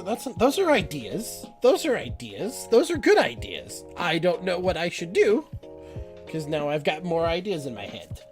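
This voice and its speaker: Young man, live-stream painting host, rambling, unsure of himself, very lively pitch, soft music underneath. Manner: rambling, self-doubting, chatty with viewers. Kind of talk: casual live-stream chat while painting.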